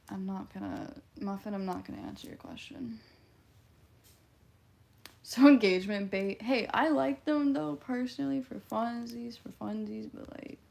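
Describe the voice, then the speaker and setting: Woman streamer, Midwestern twang, fry-heavy voice, casual and profane. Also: medium pitch, darkish tone. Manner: blunt, offhand and profane, laughs often. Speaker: livestreamer. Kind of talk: casual livestream chat, reading viewer comments.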